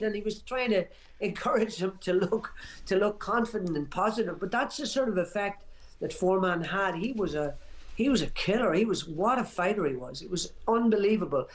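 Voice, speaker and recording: Guy in his 60s, boxing pundit on a radio show, emphatic, keeps restarting his sentences, voice on the high side. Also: animated, a little fast. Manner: emphatic, reminiscing, restarts phrases often. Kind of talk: radio talk show chat.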